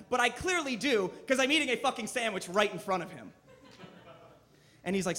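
A man in his twenties performing a deadpan, self-deprecating stand-up set on a comedy club stage into a handheld mic. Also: high-pitched, quick pace.

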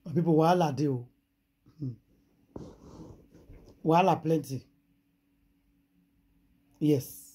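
A woman with a Nigerian accent tells a juicy gossip story in a husky, breathy voice. She retells it dramatically, repeating her exclamations for effect. The tone stays casual, like a host chatting to her regular viewers. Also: low voice, slow pace, long pauses, dark tone.

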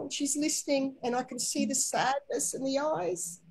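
A woman guiding a spiritual inner-child healing session, talking softly and slowly and coaxing with endearments. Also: high voice, fairly even intonation, gravelly, poor audio. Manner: soft, slow, coaxing guidance with gentle endearments.

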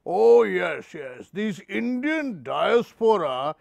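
A comedian playing a pompous older Indian lord living in Britain, delivering dry puns in a measured way. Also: male voice, high voice, very animated, vocal fry, no room sound, full character voice. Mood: droll. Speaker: comedy guest character.

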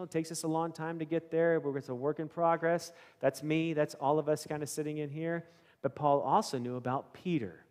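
A male pastor with a slightly high voice preaches conversationally in a large church sanctuary. He puts questions to the congregation and acts out scenes as he goes.

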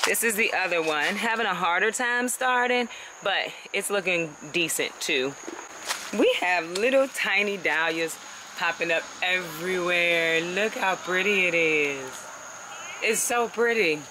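A woman's voice: lowish voice, unhurried, noisy background. A woman chatting casually as she walks viewers through her backyard garden on a handheld phone, laughing often and calling them y'all. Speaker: home gardener vlogger. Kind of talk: casual garden walkthrough vlog.

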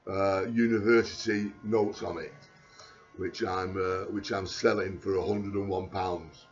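A man, talking in a rambling video diary, halting and repetitive with many restarts, sounding anxious and panicky. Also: deep voice, fairly bright tone, muffled recording.

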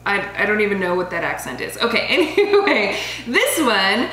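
A woman's voice: medium pitch, big pitch swings, moderate pace, pushed and bright. Chatty woman reviewing wine, roomy sound. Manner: bubbly, laughs often, stumbles over foreign names. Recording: roomy home recording with faint hum.

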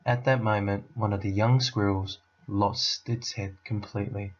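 A man, a teacher, reading a children's novel aloud to his class in a steady, unhurried way. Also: fairly low pitch, highs cut off.

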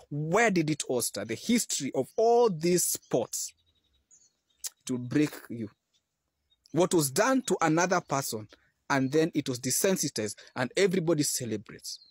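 A man delivers a fervent sermon in a high, husky voice. He exhorts the listener directly and swells to emphatic peaks. The sound is dry and close, with no room echo. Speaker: Christian preacher.

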